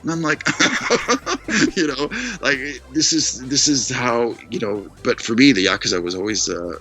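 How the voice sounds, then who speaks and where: A man chatting casually on a video call, telling stories in an animated way and acting out other people's voices. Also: medium pitch, a little slow, faint music behind. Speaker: guest storyteller. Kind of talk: casual chat on a live stream. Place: living in Tokyo.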